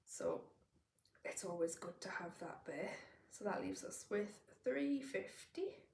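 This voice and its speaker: Woman from the northeast doing her budget, kinda gravelly, sounds a bit far off in an echoey room. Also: mid-range voice, expressive, slow pace, darkish tone, a little hiss or hum. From northeast England. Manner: thinking aloud, doing sums as she goes. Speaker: budgeting vlogger. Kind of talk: casual budgeting walkthrough. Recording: roomy, distant from the mic.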